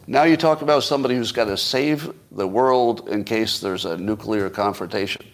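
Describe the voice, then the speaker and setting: A man hosts a solo podcast, offering casual, opinionated political commentary and restarting his sentences frequently. His voice is lowish and his pace moderate.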